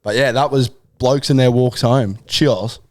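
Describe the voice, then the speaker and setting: A man's voice: medium pitch, fairly even intonation, measured pace. A young man co-hosting a podcast, teasing the others and wrapping up the episode. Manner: teasing, reacting, wraps up the episode. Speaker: podcast co-host. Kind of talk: casual banter.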